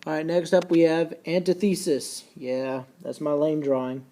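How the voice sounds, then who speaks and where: A man teaching a recorded lesson, folksy and casual, slowing down and repeating key points so students can take notes. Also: fairly high pitch, dark tone. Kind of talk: recorded classroom lecture.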